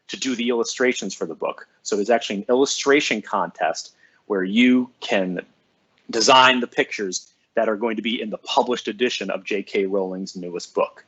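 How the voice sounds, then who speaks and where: A man's voice: medium pitch, fairly bright tone, breathy edge. A man working as a school librarian, hosting a live stream for students in a casual, upbeat, chatty way and greeting viewers by name. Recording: slightly dull, lo-fi sound.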